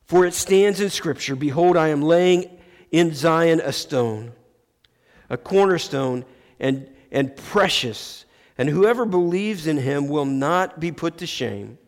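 A man preaching a sermon as pastor, slow and emphatic, restarting his phrases often. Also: a little high, lively intonation. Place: church sanctuary. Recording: long church reverb.

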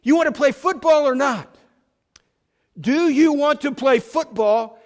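A man voicing a hot-tempered male football coach who scolds and yells at a player. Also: very high-pitched, unhurried, big-room sound, pitched above the performer's own voice. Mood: angry. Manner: yelling, scolding.

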